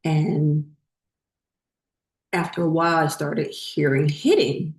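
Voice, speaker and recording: A woman with a low, deep voice recounts a personal story in a loose, meandering way, pausing on fillers and restarting her sentences. Her voice echoes around the room she is recorded in. The tone is casual and conversational. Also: fairly even intonation. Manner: rambling, many fillers and restarts. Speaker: spiritual channel host.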